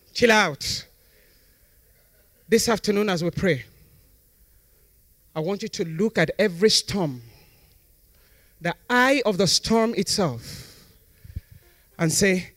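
A man's voice: sits high, fairly bright tone, no echo. A man pastor preaching a sermon and leading the congregation in fervent call-and-response prayer declarations.

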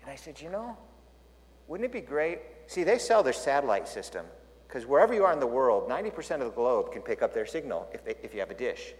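A male pastor giving a storytelling sermon, jokey and animated, acting out the scenes. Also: medium pitch, fast. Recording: long hall reverb.

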